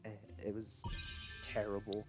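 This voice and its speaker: A man's voice: on the low side, monotone, measured pace, over loud music. A young man chatting casually while streaming a video game, rambling and often correcting himself mid-sentence. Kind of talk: casual livestream commentary.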